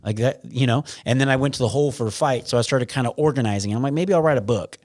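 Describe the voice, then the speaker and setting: A man's voice: medium pitch, fast, darkish tone, no echo, clean studio sound. A man talking as a podcast guest, blunt and frank, with lots of restarts and some swearing. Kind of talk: casual interview.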